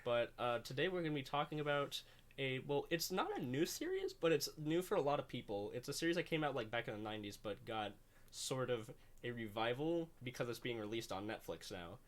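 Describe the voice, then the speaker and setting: A man's voice: medium pitch, big pitch swings, a little fast. Rambling young man hosting a chat. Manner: rambling, full of "like" fillers and swearing. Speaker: host. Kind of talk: casual podcast chat.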